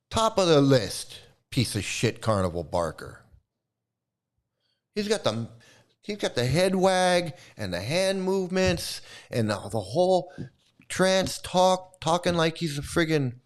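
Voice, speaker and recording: A man's voice: mid-range voice, animated, measured pace. A man hosting a commentary channel, giving an angry, profane and mocking rant. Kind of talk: ranting commentary.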